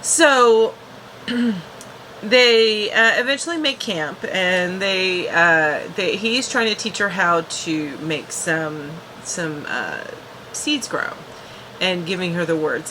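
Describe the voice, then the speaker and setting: Woman, TV reviewer; casual, rambling recap delivery, bright forward tone. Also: lowish voice, animated, takes it slowly, slight background noise, rough recording. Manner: chatty, restarts and fillers.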